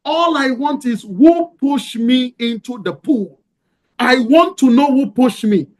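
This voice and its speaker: Brief: breathless, insistent young man, put on by a male speaker, raised pitch. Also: expressive, slow, heavily acted. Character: stunned young man who just swam a crocodile pool.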